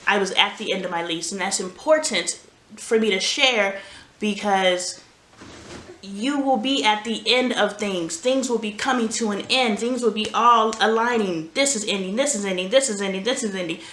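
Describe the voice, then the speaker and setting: A woman's voice: mid-range voice, normal speed, fairly bright tone. A woman vlogger and mother telling candid stories in casual chat while doing laundry at home. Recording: roomy home echo, faint noise.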